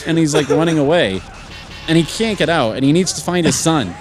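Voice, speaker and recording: A man's voice: a little high, lively intonation, fairly quick, music in the background. A man chatting on a gaming podcast, rambling through an improvised story with swearing and laughter. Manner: profane, laughing, acts out bits in sudden shouted voices.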